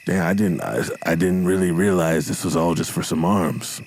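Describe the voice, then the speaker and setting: Deep-voiced man improvising comedy. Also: normal speed, gravelly, darkish tone, a little hiss or hum. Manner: playful, swings into voices. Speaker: host and game master.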